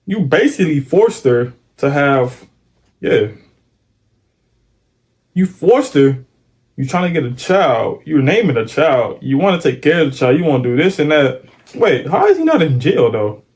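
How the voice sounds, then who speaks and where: A man's voice: on the high side, expressive, unhurried, pauses often, a little mellow. A man hosting a reaction video, reacting with incredulous, profane commentary and repeatedly calling out "bro".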